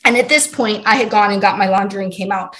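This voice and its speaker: A woman from Hawaii speaks as a podcast guest, sharing a personal story. Her telling is earnest and heartfelt, with a voice of ordinary middle pitch. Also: quick pace, fairly bright tone.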